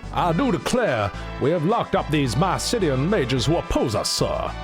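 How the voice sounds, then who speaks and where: A man doing a pompous deep-voiced guard. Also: sing-song, normal speed, music in the background. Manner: pompous, old-fashioned phrasing. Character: pompous stuffy male castle guard.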